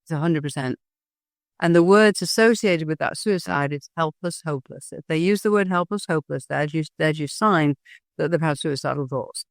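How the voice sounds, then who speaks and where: A middle-aged woman guest talks candidly in an interview. She tells her stories with animated energy, often restarting her sentences. The sound is close and dry. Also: deep voice, normal speed, no room sound. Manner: earnest, animated storytelling with frequent restarts. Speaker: guest, hypnosis and NLP trainer.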